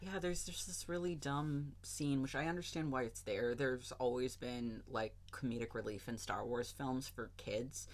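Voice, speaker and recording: A woman co-hosting a podcast, rambling through a film plot in casual, animated chat and swearing now and then. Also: extremely low pitch, normal speed, few pauses. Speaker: podcast co-host.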